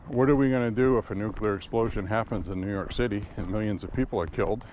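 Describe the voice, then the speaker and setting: A man's voice: on the low side, fast talker, a little mellow, muffled recording, slight background noise. A man talking in a loose, opinionated ramble while walking outdoors on town streets, recorded on a camera strapped to his chest. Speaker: walking vlogger. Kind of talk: casual walking monologue.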